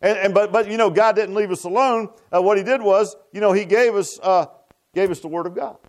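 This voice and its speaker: A man's voice: high-pitched, brisk. A man preaching a sermon in a folksy, repetitive way that rises to emphatic bursts. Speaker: pastor.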